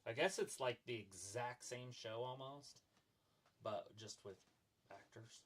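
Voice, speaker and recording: A man's voice: mid-range voice, measured pace. A man co-hosts a live watch-along stream, tossing in short laid-back remarks. He sounds distant, picked up from away from the mic. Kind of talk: casual live-stream chat.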